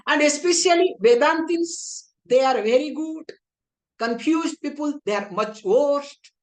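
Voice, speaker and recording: A woman's voice: sits high, measured pace. A woman with an Indian English accent teaching a spiritual philosophy class in a conversational tone, often asking her listeners whether they understand. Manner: conversational, rhetorical checks for understanding. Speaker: Vedanta teacher.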